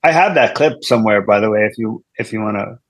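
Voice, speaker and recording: A man's voice: on the low side, expressive, fast, husky, dry recording. Rambling male comedian telling a story. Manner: rambling with frequent restarts and asides. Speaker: comedian guest. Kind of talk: casual storytelling.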